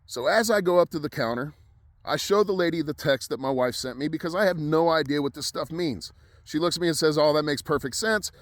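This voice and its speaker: A man's voice: fairly high pitch, fairly quick, dry recording. A middle-aged man from Ohio, a welding instructor, telling a personal story in a folksy, conversational way.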